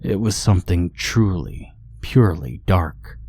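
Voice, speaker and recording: A man narrating a horror story in a steady, ominous storytelling manner. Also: low voice, a little slow, husky, no room sound, clean studio sound. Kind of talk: scripted narration.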